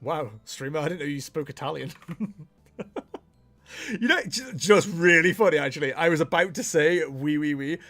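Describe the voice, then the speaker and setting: A man's voice: fairly high pitch, animated, moderate pace, pauses often, pushed and bright, soft background music. A young man chatting casually on a livestream while he plays, laughing often and poking fun at himself. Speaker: streamer.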